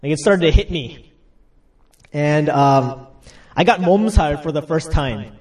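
A man's voice: fairly high pitch, expressive, moderate pace, darkish tone, far from the mic. A young man giving a casual sermon, chatty, laughing as he acts out stories, just getting over a cold. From United States. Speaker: pastor.

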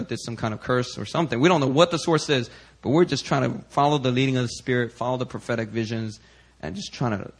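A male pastor preaching in a conversational storytelling way, full of "you know" fillers and growing animated. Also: medium pitch. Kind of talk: sermon storytelling.

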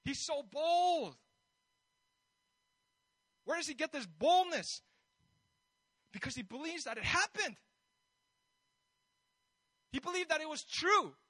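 A man's voice: extremely high pitch, animated, a little slow, pauses often, bright, forceful tone, dry recording, low-quality recording. A man preaching a sermon in a conversational way, building his points with rhetorical questions and bold emphasis.

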